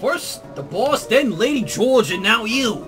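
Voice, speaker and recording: A young man co-hosting a game playthrough, loud and teasing, swearing often. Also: very high-pitched, sing-song, a little slow, soft background music. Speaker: gaming channel co-host. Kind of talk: casual gameplay banter.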